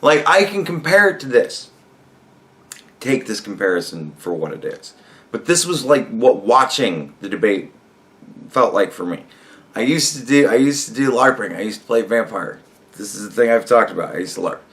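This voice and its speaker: A man's voice: fairly low pitch, animated, moderate pace, fairly bright tone. Profane, rambling man ranting. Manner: profane, rambling, exasperated, often laughing. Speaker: commentary vlogger. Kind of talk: casual reaction rant.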